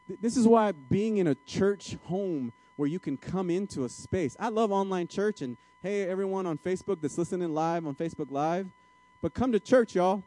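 A male pastor preaching a conversational sermon that moves from soft, confessional moments to emphatic, exhorting appeals. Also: sits high, expressive, moderate pace.

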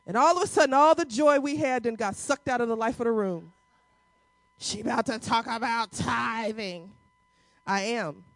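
Middle-aged woman pastor, high voice, dry close mic, rousing call-and-response preaching. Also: no room sound. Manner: rousing call-and-response preaching, drops to soft intimate tones. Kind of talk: sermon. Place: church sanctuary.

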